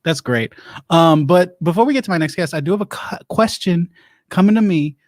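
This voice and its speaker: A man playing a rambling, divorced doomsday-prep lecturer who hosts an improvised comedy show, talking in halting, deadpan stops and starts. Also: sits high, no echo, clean studio sound.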